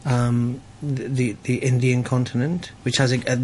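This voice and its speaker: Halting man chatting as chef guest. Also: mid-range voice, level tone, a little mellow, slight background noise. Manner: halting, many fillers and restarts. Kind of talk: casual radio chat. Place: radio studio.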